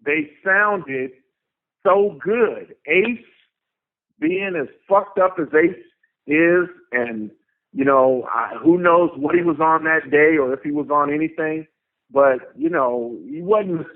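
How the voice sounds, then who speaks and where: A man with a slightly raised voice spins a story in a loose, profane, emphatic way. He comes through a thin, phone-like line that cuts off the lows and highs. The talk is casual interview storytelling. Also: slow. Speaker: guest, tour manager.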